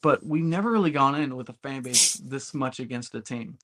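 Male podcast host, mid-pitched, blunt and emphatic; casual fan talk. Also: brisk, fairly bright tone. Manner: emphatic, blunt, occasionally profane. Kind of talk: casual sports podcast chat.

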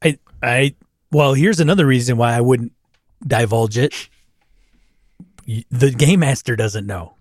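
A man's voice: medium pitch, unhurried, pauses often, no echo, studio quality. A man co-hosting a casual chat about tabletop games, conversational and quoting players at the table. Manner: conversational, quotes players and game master. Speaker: podcast co-host.

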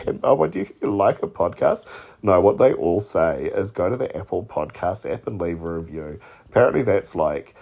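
A man hosting a casual solo podcast, rambling and emotional with lots of fillers, his voice croaky from a cold. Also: fairly low pitch, a little mellow. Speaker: podcast host.

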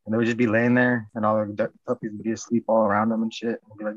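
Husky low man on a dull, dry recording. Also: flat delivery, fast, hardly any pauses, dry recording. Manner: repetitive, profane, loose talk. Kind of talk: casual chat.

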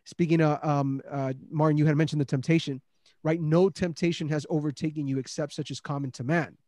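A man's voice: a little high, steady tone, a little fast, warm tone, dry recording, studio quality. A man hosting a Christian discussion, speaking earnestly with many restarts and rising emphasis on key points. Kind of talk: casual faith discussion.

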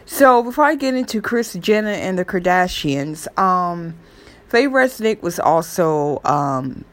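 A woman's voice: fairly low pitch, expressive, a little slow. A woman casually retelling a story in a rambling, chatty way, with many fillers and restarts. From New York area. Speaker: true crime vlogger.

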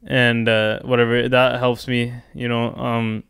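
A man's voice: mid-range voice, a little slow, creaky, clean tone, no room sound, studio quality. A young man co-hosting a podcast, chatting animatedly and swearing casually. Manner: animated, swears casually, repeats "you know". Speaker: podcast co-host.

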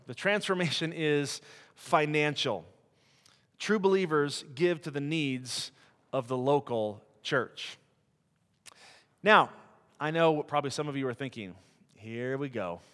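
A man's voice: mid-range voice, fairly bright tone. A middle-aged man preaching a sermon as a missionary, conversational and self-deprecating as he tells stories. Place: church hall. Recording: long reverb of a church hall.

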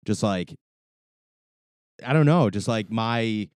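A man co-hosting a beer podcast in casual chat, animated and self-deprecating, swearing and laughing often. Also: on the low side, slow, smooth, no echo. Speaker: podcast co-host.

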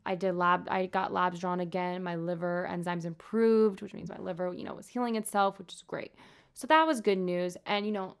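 Young woman with a gravelly voice. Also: on the low side, fairly even intonation, normal speed. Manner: candid and earnest, talking openly. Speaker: nurse sharing her own health story. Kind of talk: casual personal vlog talk.

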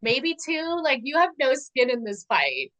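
A woman co-hosting a podcast, reacting with giggles and quick asides while recapping a TV episode. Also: high-pitched, sing-song, a bit bright, low-quality recording. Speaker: podcast co-host. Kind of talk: casual TV recap chat.

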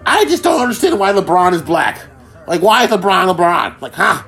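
A man's voice: high-pitched, sing-song, moderate pace, vocal fry, bright, forceful tone, pitched above the performer's own voice, full character voice. A man doing a mocking impression of a baffled male TV sports pundit, whiny and incredulous, in an exaggerated questioning tone.

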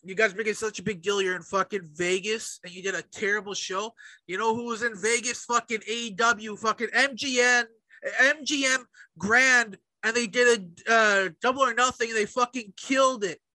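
A man's voice: sits high, fairly even intonation, moderate pace, sharp tone, no echo, poor audio. A man co-hosting a casual chat show, ranting animatedly and swearing often. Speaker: podcast co-host.

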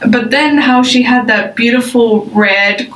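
A woman's voice: on the high side, a little slow, fairly bright tone, recorded from a distance. A woman co-hosting a casual chat, playful and cheeky, stretching words out for emphasis. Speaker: podcast co-host. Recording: roomy echo, from off-mic, faint hiss.

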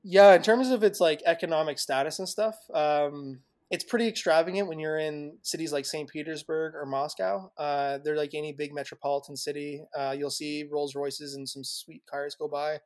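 A man's voice: on the high side, fairly even intonation, normal speed, hardly any pauses, darkish tone, no echo, studio quality. A man telling travel stories as a guest on a podcast, chatty and loose, laughing often, with lots of fillers and restarts. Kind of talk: casual interview chat.

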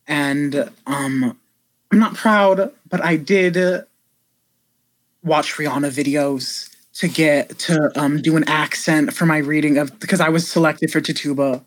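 A woman's voice: low voice, steady tone, measured pace, no echo. A woman co-hosting a podcast in casual chat, talking frankly with lots of fillers and some swearing. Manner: chatty, filler-heavy, frank and profane. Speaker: podcast co-host.

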